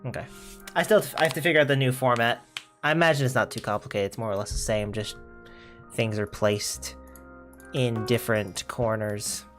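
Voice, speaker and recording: A man's voice: medium pitch, normal speed, a bit bright, soft background music. Laid-back young man rambling while gaming. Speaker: gaming streamer. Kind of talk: casual chat while playing.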